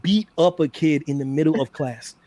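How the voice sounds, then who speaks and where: A young man in casual chat, telling a story in an animated way, repeating himself and laughing often. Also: fairly high pitch, moderate pace, no echo.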